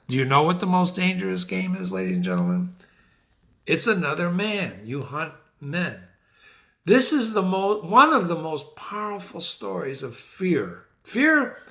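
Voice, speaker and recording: Speaking to the camera, a middle-aged literature teacher who runs his own website presents the classics with theatrical gusto, often greeting viewers as "ladies and gentlemen." His high voice rises and falls, bright with a forceful edge.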